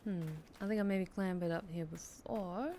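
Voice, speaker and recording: A woman's voice: lowish voice, steady tone, normal speed, dark tone, a little hiss or hum. A woman streaming a game, thinking aloud in casual, hesitant chat full of fillers. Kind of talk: casual gameplay commentary.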